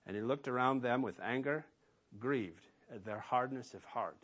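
A man's voice: medium pitch, normal speed, a bit bright, husky. A man preaching a sermon as pastor, emphatic and asking rhetorical questions of his listeners.

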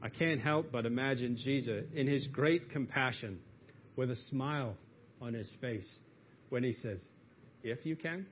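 A man's voice: mid-range voice, normal speed, a little hiss or hum. A man preaching a sermon in an earnest way, lifting his voice into emphatic pleas as he quotes. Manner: earnest, rising to emphatic pleas when quoting. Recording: dull lo-fi audio.

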